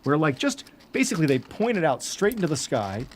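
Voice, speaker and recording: Animated casual male storyteller. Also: on the high side, brisk, slight background noise. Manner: animated, lots of "like" fillers.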